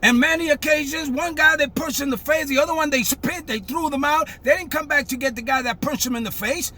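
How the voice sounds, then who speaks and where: An older man, giving a fiery, emphatic monologue that breaks into shouting. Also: extremely high pitch, brisk. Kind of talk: impassioned monologue.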